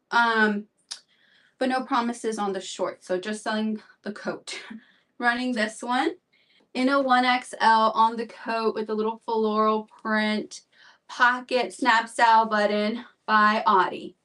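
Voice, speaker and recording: A slightly breathless woman runs a live shopping stream, rambling through sizes and prices with lots of fillers. Her voice sits a little high and comes from a bit away from the mic. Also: steady tone, takes it slowly, fairly bright tone, recorded from a distance. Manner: chatty, rambling, fillers and repeats. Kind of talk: live-stream sales chat.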